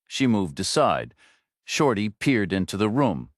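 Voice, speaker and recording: Brief: low-voiced man, steady audiobook narration, close dry mic. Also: unhurried, no room sound. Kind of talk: scripted narration. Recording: dry close studio read.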